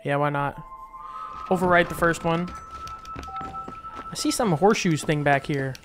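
A man's voice: on the high side, measured pace, music in the background. A man casually commenting while playing a game, thinking aloud with restarts. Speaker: gameplay streamer.

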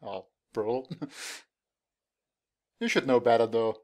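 A man's voice: mid-range voice, slow pace. A young man in casual reaction commentary who laughs often and makes light teasing remarks. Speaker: anime reaction host.

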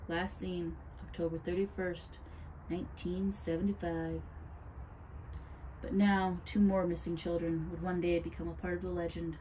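Woman, storyteller, spooky story narration, mellow, steady. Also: on the low side, a little hiss or hum, poor audio. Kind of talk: reading a spooky story aloud.

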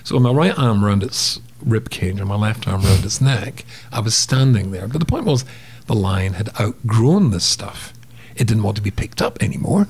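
A man's voice: lowish voice, darkish tone, slightly rough. A man telling a story as a guest on a casual interview podcast, acting out sounds and voices as he goes.

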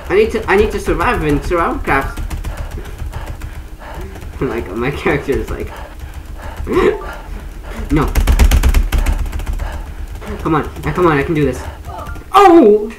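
Excitable low-voiced woman gaming. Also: measured pace, long pauses, echoey room, a little hiss or hum, poor audio. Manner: excitable, chatty, laughs and shrieks often. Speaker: gaming streamer. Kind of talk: casual gameplay commentary.

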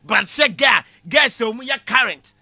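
High bright man joking loudly. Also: moderate pace, gravelly, dry recording. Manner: animated, shouting punchlines, laughing at own jokes. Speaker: comedy lecturer. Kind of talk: comic classroom lecture.

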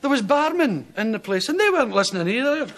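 A man's voice: extremely high pitch, very animated, fast talker. A Scottish man, a talk show guest, tells rambling comic anecdotes and chuckles his way through them. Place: TV studio with live audience. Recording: 1970s TV studio with audience laughter and hiss.

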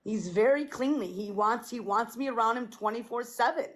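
A woman's voice: a little high, moderate pace, a bit bright. A young woman filming a casual vlog, talking to her cat in a coaxing, repetitive baby-talk manner.

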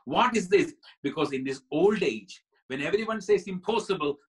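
In a church, a man preaches as pastor at a Bible study, emphatic and building his points with repeated phrases. His high voice is expressive and moves at a moderate pace, though the audio is poor.

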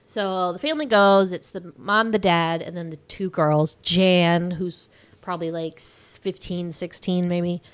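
A woman's voice: fairly low pitch, fairly even intonation, unhurried, clear, resonant tone. Woman, podcast co-host, casual movie chat, laughs a lot, easygoing swearing.

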